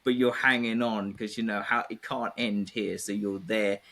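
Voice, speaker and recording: This Englishman, a guest in a casual conversation, has a fairly low, steady, slightly bright voice at normal speed. He talks reflectively, with frequent fillers and hesitations.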